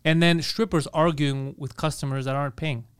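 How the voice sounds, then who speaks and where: A man's voice: fairly high pitch, steady tone, moderate pace, clear, resonant tone. A man in casual comedic chat, building up observational bits and laughing along. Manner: riffing on bits, laughs often.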